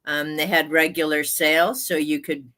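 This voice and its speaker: A woman in her sixties hosting a livestream, chatting casually and laughing often in a slow, drawn-out way. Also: low voice, little pitch movement, bright, forceful tone. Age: 60s. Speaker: livestream host. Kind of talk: casual chat.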